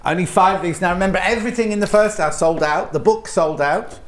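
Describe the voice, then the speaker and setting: A man's voice: sits high, quick pace. A man with a British accent presenting live sales on a shopping channel, upbeat and urging viewers to buy. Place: TV studio.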